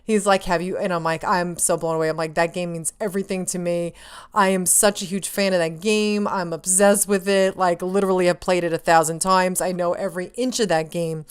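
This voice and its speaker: Woman vlogger, casual storyteller, low-pitched and clear, gushing and chatty with lots of filler. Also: a little fast. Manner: excitable, rambling, filler-heavy, acts out her own remarks.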